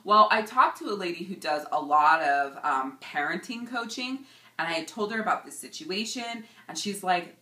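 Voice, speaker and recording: Energetic woman in her thirties, motivational coach vlog; lowish voice, bright tone, echoey room. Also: normal speed. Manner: energetic, emphatic, encouraging. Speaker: life coach and vlog host. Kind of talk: motivational talk to camera.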